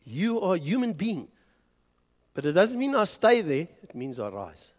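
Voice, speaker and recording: A man with a South African accent preaching a sermon, swinging from loud urging to hushed, low passages. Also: very animated, moderate pace, in a large hall. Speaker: pastor. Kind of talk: bilingual sermon.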